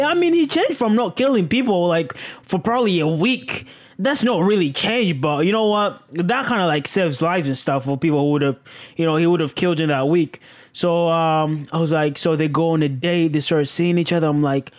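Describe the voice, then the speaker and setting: Casual show recap, profane, exclamatory, animated, sudden high pitch leaps. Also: moderate pace.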